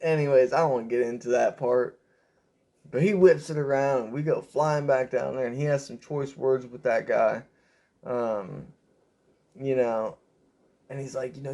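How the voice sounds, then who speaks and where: A young man rambling through a personal story with lots of fillers, raising his pitch when he quotes people. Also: fairly even intonation, normal speed, mellow. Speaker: vlogger telling a story. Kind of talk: casual storytelling.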